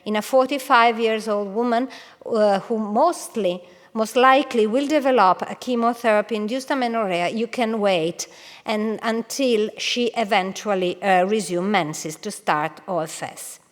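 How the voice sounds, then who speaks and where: A woman oncologist giving a conference lecture to colleagues, careful and hesitant, with frequent pauses and restarts. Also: mid-range voice. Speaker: oncologist presenting at a medical congress. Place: large congress hall. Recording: long hall reverb.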